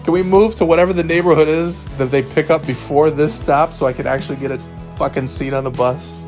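A man's voice: on the high side, steady tone, brisk, a little mellow, faint music behind, pitched above the performer's own voice, lightly acted. A man voicing an anxious young schoolboy who pleads and whines in a raised, childish voice. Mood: whining. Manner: pleading, whiny.

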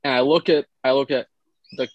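A young man tells a rambling, crude story in a relaxed podcast chat. His voice sits in a middle range. The sound is dry and close, with no room around it. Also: medium pitch, brisk, no echo, muffled recording. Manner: rambling, crude, jokey anecdote teller. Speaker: podcast co-host.

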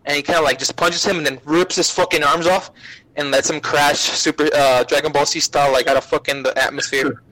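A man guesting on a podcast, retelling an anime plot in a profane, rambling, animated way. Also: on the high side, a little fast, poor audio. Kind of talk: casual anime recap chat.

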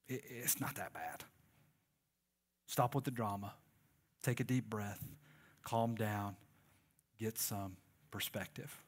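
A man voicing God as a gentle father, who calms his child in a soft, patient way. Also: medium pitch, big-room sound, natural voice.

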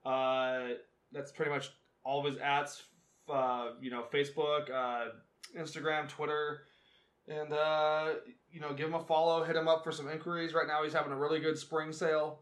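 Laid-back rambling young man, slightly high voice. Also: little pitch movement, normal speed, fairly bright tone. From Northern California. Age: 20s. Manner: rambling storyteller, laughs a lot, swears casually. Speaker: podcast co-host. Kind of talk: casual chat.

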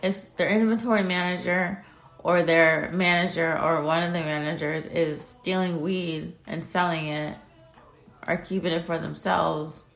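Blunt young woman with a gravelly voice. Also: on the low side. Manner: blunt, swears freely, rants. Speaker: vlogger. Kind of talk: casual chat. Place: at home.

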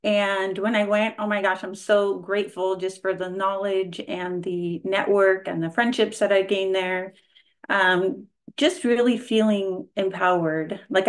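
A woman in her forties from California, a nurse and spiritual practitioner, chatting as a guest on a video call with an effusive, grateful manner full of fillers. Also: mid-range voice. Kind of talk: casual chat on a video call.

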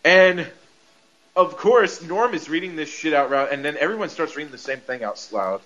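High-voiced rambling man on a lo-fi recording. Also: lively intonation, moderate pace, fairly bright tone. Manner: rambling, full of "like" and restarts, laughing often. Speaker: podcast host. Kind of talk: casual episode recap. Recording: dull lo-fi recording with faint noise.

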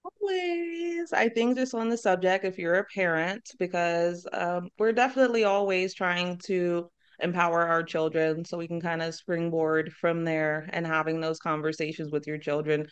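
A woman's voice: lowish voice, fairly even intonation, moderate pace, few pauses, clear, resonant tone. A woman in her forties co-hosting a podcast, speaking in a reflective, encouraging way. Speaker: podcast co-host. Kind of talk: casual podcast chat.

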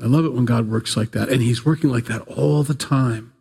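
A man's voice: mid-range voice, brisk, gravelly, a little mellow, breathy edge. A man preaching a sermon in a casual, conversational way, telling the story with playful asides. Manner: casual storytelling, acts out biblical characters in playful voices. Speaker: pastor.

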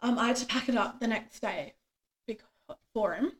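Speaking at normal speed in a voice on the high side, a young woman tells chatty stories as a podcast co-host, performing the dialogue she heard during her workday in a casual conversation.

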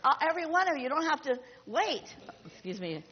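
A woman's voice: high voice, very animated, brisk, slight background noise. A middle-aged woman pastor preaching a sermon, emphatic and exhorting, often repeating her phrases. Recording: dull audio with long hall reverb.

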